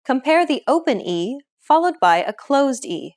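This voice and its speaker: A woman narrating a scripted pronunciation lesson as the teacher, clear and upbeat. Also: high-pitched, sing-song, measured pace, a little mellow.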